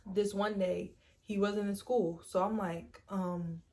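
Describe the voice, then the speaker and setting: Taking it slowly in a medium-pitched voice, a young storytime vlogger shares a casual tale. She's chatty and animated, acts out what people said, and uses "like" and "literally" a lot.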